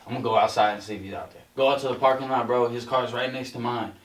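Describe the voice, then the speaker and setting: A man on a podcast telling a story in a casual, animated, profane way, saying "bro" constantly. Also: mid-range voice, quick pace. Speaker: podcast co-host. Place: podcast studio. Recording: roomy sound from a distant mic.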